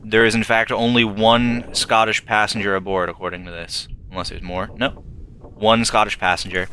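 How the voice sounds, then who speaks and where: A man's voice: fairly low pitch, level tone, moderate pace, bright, forceful tone, a little hiss or hum. A man playing a game and thinking aloud in casual commentary, working through clues step by step. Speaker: let's play host. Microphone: desktop streaming mic with filters.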